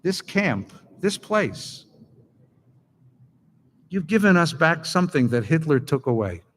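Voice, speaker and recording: A man's voice: fairly high pitch, big pitch swings, slow pace, heavily acted. A man voicing an elderly male Holocaust survivor who answers in terse, clipped phrases, in a hall with a long echo. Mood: solemn. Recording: long reverb of a large hall.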